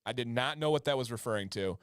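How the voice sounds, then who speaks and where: A man's voice: medium pitch, fast talker, smooth, dry recording, clean studio sound. A man co-hosting a casual livestream chat, chatty and acting out pronunciations as he explains. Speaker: co-host.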